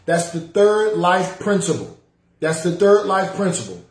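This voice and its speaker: Repetitive preacher with a high, roomy voice. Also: male voice, very animated, unhurried. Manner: repeats key lines, calls on the congregation. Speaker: pastor. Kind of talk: sermon. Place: church sanctuary.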